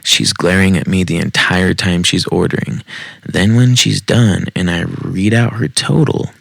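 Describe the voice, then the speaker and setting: Low gravelly man reading stories. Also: a little slow, no room sound. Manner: wry, profane asides. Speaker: podcast host reading Reddit stories. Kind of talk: casual storytime reading. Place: home basement.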